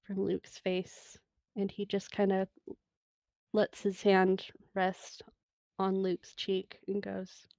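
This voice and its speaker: Slow, soft-spoken woman running a game. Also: medium pitch, monotone, vocal fry, no room sound. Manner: soft, unhurried, emotional narration with laughs. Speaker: game master. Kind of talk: narrating a tabletop role-playing game.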